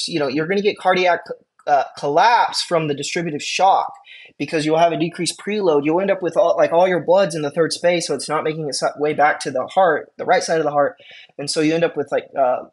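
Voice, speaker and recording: A man teaching an emergency medicine class, talking casually with quick asides and questions to his students. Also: fairly high pitch. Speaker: EMS instructor. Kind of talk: classroom lecture.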